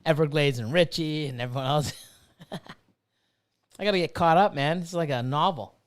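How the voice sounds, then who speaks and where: A man's voice: fairly high pitch, normal speed, clear, resonant tone. Profane ranting fifty-year-old man. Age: 50s. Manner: profane, ranting, reads chat aloud. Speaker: livestream host and snake breeder. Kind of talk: casual livestream chat.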